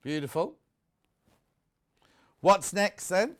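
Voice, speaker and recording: Chatty, excitable man presenting. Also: high voice, extremely slow. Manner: chatty, excitable, jumps between asides. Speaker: shopping channel presenter. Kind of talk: live TV sales chat. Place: TV studio.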